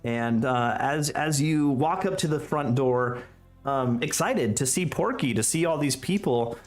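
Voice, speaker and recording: A man of medium pitch narrates as game master for a tabletop game at a measured pace, rambling with lots of fillers and restarts. Soft music plays in the background.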